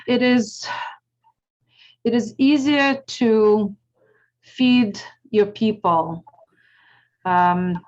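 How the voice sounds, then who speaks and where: A woman's voice: medium pitch, darkish tone, lo-fi sound. Ukrainian-accented woman explaining on a video call. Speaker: guest speaker, historian. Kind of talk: lecture-style talk on a video call.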